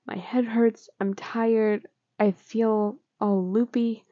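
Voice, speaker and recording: A woman reading the lines of a scared, confused teenage boy in a hospital bed, pleading and halting. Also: a little high, fairly even intonation, no echo, lo-fi sound.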